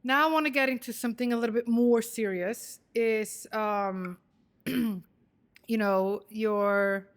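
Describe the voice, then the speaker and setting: A young adult woman hosting an interview podcast, chatty and casual with quick reactions. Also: fairly high pitch, steady tone. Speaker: podcast host.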